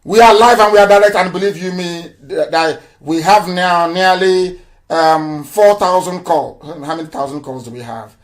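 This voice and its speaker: A man hosts a live call-in broadcast in a defiant, boastful way and drives his points home with emphasis. His voice sits fairly high for a man. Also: normal speed. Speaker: call-in show host.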